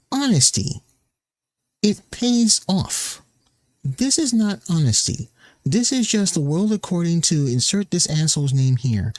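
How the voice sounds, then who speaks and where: A man's voice: sits high, a little mellow, no room sound. A man streamer delivering a heated, swearing commentary rant that mocks the people he quotes.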